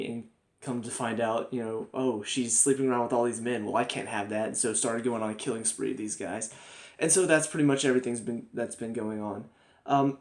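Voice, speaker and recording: Young male reviewer, mid pitch, casual and rambling, many fillers. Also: a little mellow. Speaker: TV review vlogger.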